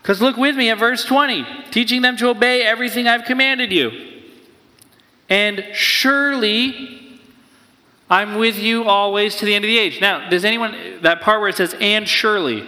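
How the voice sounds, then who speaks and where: A man preaching a sermon as pastor, energetic and playful, sometimes acting out excited voices. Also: sits high, normal speed, in a large hall.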